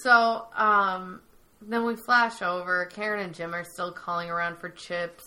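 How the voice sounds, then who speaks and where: Bright, lively young woman recapping a show. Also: fairly low pitch, a little slow. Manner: animated storytelling, acts out quotes, swears casually. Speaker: podcast co-host recapping a TV episode. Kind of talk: casual chat.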